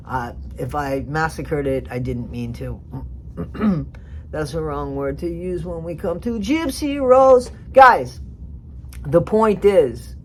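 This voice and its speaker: A gossip vlogger commenting casually on a reality show, blunt and rambling, jumping between loud outbursts and muttered asides. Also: mid-range voice.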